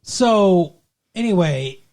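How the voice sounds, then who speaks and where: A man's voice: sits high, lively intonation, very slow, a little mellow. Sarcastic, profane man co-hosting a podcast. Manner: sarcastic, profane, breaks into sung and mock-accent bits. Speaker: podcast co-host. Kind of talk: casual chat recapping a TV episode.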